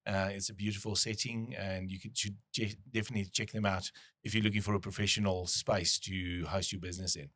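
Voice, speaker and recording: A man's voice: sits low, flat delivery, a little fast, hardly any pauses, a bit bright. A man hosting a business podcast, talking casually and thinking aloud with frequent restarts. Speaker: podcast host.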